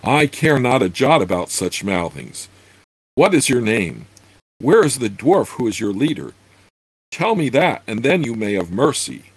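Man doing a cold commanding elf, threatening, slightly raised voice, husky tone, dry room. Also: medium pitch, sing-song, a little slow, dry recording, full character voice. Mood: menacing. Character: stern, menacing male elf warrior.

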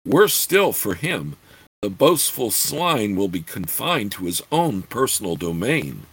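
A man voicing an ancient scheming witch woman who speaks in a measured, formal way. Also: on the low side, big pitch swings, gravelly, fairly bright tone, slightly rough, no echo, heavily acted.

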